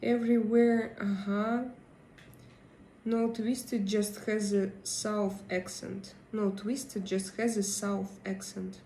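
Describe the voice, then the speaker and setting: A woman hosting a live stream and chatting with viewers, hesitant and pausing often as she searches for her English words. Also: medium pitch, flat delivery, dark tone, roomy sound, slight background noise, poor audio. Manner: hesitant, many pauses and fillers while searching for English words. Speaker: livestream host. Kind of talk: casual live chat, answering viewer comments.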